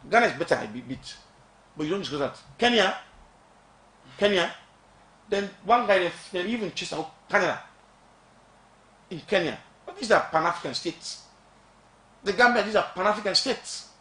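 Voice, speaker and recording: A man's voice: sits high, animated, moderate pace, pauses often, bright, forceful tone. Emphatic Sierra Leonean man, roomy sound. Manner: emphatic, rhetorical questions, mixes Krio phrases. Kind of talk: radio talk.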